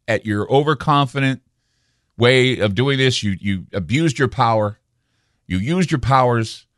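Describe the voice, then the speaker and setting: A middle-aged male radio talk show host telling a story in an animated monologue, with frequent restarts. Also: lowish voice, no echo, studio quality.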